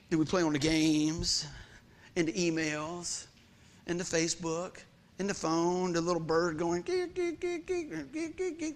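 A man preaching a lively sermon, calling out questions to the congregation and repeating his key phrases. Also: fairly high pitch.

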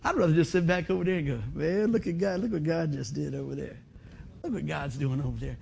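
High-voiced folksy preacher man. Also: a little fast, vocal fry, warm tone, husky. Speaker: pastor. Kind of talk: sermon.

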